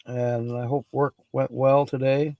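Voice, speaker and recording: Gravelly, dark-voiced man chatting on a livestream. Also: medium pitch, level tone, a little slow, no echo, rough recording. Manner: chatty, laughs often, greets viewers by name. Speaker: livestream host. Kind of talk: casual chat, reading word origins aloud.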